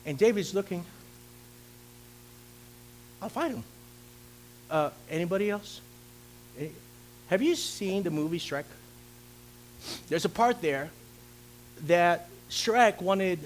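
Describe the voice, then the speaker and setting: A male pastor preaching a lively sermon, acting out the story's characters and calling out questions to his congregation. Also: sits high, a little hiss or hum. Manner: theatrical, asks the congregation questions. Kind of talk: animated sermon with acted-out voices.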